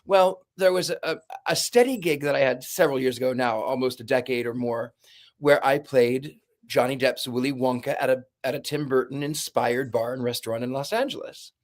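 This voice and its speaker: A man who works as a paranormal investigator and medium, telling lively stories in a casual podcast chat. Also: medium pitch, a little fast. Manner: animated storyteller, acts out voices and screams.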